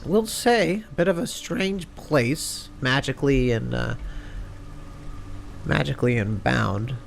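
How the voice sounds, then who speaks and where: A man playing a cool, mocking dark robot villain. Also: mid-range voice, slow pace, creaky, a little hiss or hum. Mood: taunting. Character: calm taunting male dark animatronic villain. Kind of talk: fan animation voice acting.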